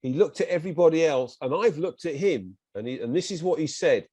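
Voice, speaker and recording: An English man with an English accent, a guest in an interview, telling a personal story in a lively way and acting out what other people said to him. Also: fairly high pitch, fairly quick, hardly any pauses, slightly rough, dry recording. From England. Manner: animated, acts out quoted speech of others.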